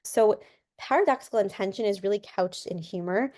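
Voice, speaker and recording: In a casual interview, a woman appearing as a counseling guest talks fairly quickly in a mid-range voice. She illustrates her ideas with examples and often repeats a word when she restarts.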